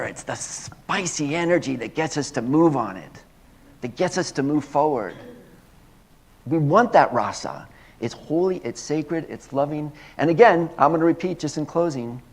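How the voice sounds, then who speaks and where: A male minister preaching a sermon, earnest, often repeating and restarting words, then moving into a slow hushed guided prayer. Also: on the high side. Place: church sanctuary.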